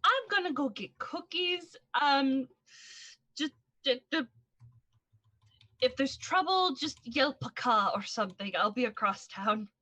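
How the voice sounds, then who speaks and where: A woman's voice: sits high, animated, measured pace, pauses often, bright, forceful tone, no room sound, rough recording. A woman playing in a tabletop game, talking in a giggly, hesitant way. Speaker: player. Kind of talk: casual tabletop play.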